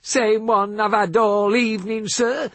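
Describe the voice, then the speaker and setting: A man voicing a young male American soldier who speaks in a slow, lazy Southern drawl, polite and unhurried. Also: sits high, flat delivery, a bit bright, voice pushed up. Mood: polite, calm.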